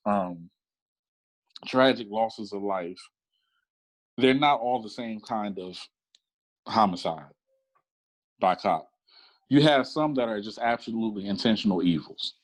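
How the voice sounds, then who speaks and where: A middle-aged man who once worked as a police officer, speaking earnestly in a panel discussion and growing animated as he tells a story. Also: lowish voice, low-quality recording.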